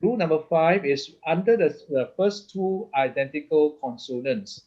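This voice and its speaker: A man's voice: on the high side, lively intonation, moderate pace, a little mellow. A man teaching a lesson. He explains step by step with many restarts and keeps checking in with "okay?" and "right?". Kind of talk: lesson explaining Hebrew vowel points. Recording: slightly dull lo-fi sound.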